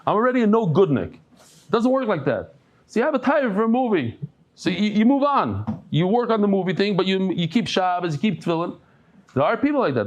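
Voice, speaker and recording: A man giving a daily Talmud class, telling stories and jokes with many restarts and Yiddish terms. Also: sits high. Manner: animated storytelling with frequent restarts and Yiddish terms; humorous asides and jokes. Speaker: Talmud teacher.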